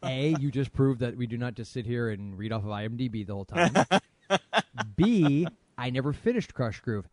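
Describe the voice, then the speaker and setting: Male co-host, playful banter, middle pitch, dry close sound. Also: expressive, moderate pace, darkish tone, no echo. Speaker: podcast co-host. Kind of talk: casual podcast chat.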